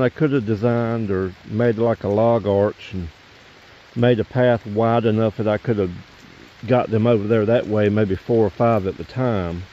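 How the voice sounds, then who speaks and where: A man's voice: medium pitch, warm tone, slight background noise. A man, chatting casually to viewers in a rambling, folksy way while filming outdoors by a pond. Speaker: vlogger. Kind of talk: casual outdoor vlog narration. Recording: dull lo-fi outdoor camera audio.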